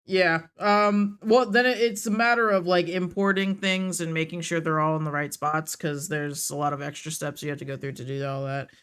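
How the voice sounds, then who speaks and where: A woman's voice: deep voice, fairly even intonation, normal speed, hardly any pauses, fairly bright tone, clear, resonant tone. A woman narrating a tabletop game as game master, in a casual, rambling way with fillers and laughs.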